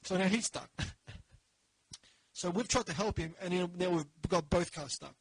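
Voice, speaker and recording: Husky Australian man telling a story. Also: high voice, moderate pace, no echo, poor audio. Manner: rambling storyteller, many restarts. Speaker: podcast host. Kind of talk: casual chat.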